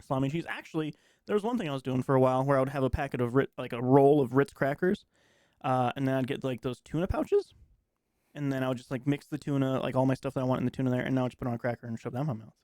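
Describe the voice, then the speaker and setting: A man's voice: mid-range voice, very fast, dry recording. Chatty man on a dry mic. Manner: relaxed, rambling, lots of fillers. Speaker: stream co-host. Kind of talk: casual chat.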